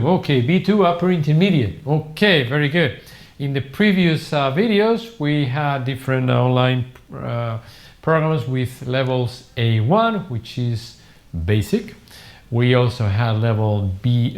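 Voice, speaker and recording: A man's voice: mid-range voice, reverberant. A man teaching a live online English lesson from a language academy, chatty and repeating words for students to drill. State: a little tired.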